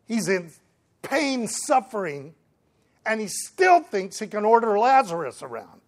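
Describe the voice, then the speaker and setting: Animated preacher, checks in with listeners. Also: male voice, high-pitched, a little slow. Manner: animated preaching, acts out the voices of the figures in the story; checks in with the listeners, asking "right?" again and again. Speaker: pastor. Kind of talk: sermon.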